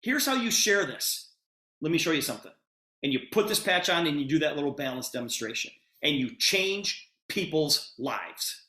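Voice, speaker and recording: A man's voice: fairly high pitch, animated, moderate pace, sharp tone, roomy sound. Urgent, enthusiastic man on a video call. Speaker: host of a sales call. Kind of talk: sales pitch on a video call.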